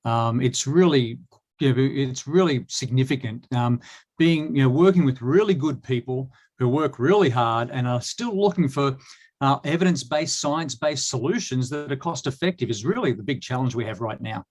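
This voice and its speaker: An Australian man talking as a guest in a casual chat, halting, with many restarts and fillers. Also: mid-range voice, lively intonation, a little mellow.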